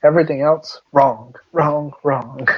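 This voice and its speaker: A man's voice: fairly high pitch, steady tone, takes it slowly, breathy edge. A man co-hosting a podcast in casual chat, teasing and laughing often. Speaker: podcast co-host. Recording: dull lo-fi recording.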